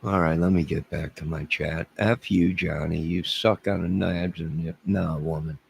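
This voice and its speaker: Man, livestream host, very low voice, rambling, self-deprecating, casual chat with viewers. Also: fairly even intonation, moderate pace, vocal fry, slightly rough, poor audio.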